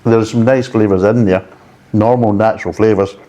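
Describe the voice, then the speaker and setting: Brief: low-voiced, mellow man, blunt and exasperated beer reviewer who swears freely. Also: fairly even intonation, normal speed.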